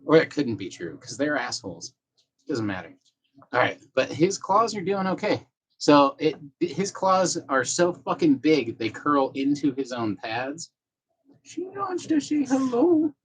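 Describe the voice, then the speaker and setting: A man's voice: mid-range voice, lively intonation, a little slow, breathy edge, rough recording. A man on a casual live stream, reading viewer messages aloud and talking to his cat in a loose, profane way. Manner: chats to his cat between comments.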